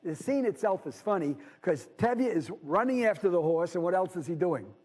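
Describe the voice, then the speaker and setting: A man teaches a literature class in a conversational, explanatory way, reading passages aloud and wandering into asides. His voice sits high. A long reverb from the lecture hall carries after his words. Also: animated, a little fast, a little mellow. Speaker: literature instructor.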